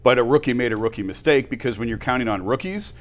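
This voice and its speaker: A man's voice: mid-range voice, fast talker. A man co-hosting a sports talk show, pushing back on a colleague and reasoning his case point by point. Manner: argumentative, pushes back, reasons it through point by point.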